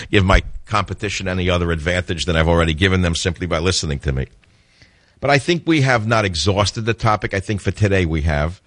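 A middle-aged man hosts a talk radio call-in show in a very low voice. He talks bluntly and with strong opinions, and he often chuckles. The sound is close and dry. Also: fairly bright tone, no echo.

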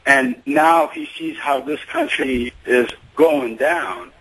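A man's voice: medium pitch, takes it slowly, a bit bright, breathy edge, poor audio. A middle-aged man from Iran calling into a radio show, hesitant and full of fillers. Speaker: caller. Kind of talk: phone-in call to radio show.

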